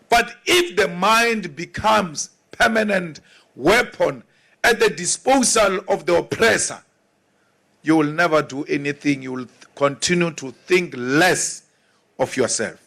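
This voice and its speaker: A South African man speaks at a rally in a high voice with a gravelly edge. He delivers slowly, forcefully and emphatically, hammering points home by repeating them. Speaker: opposition politician. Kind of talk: political rally speech.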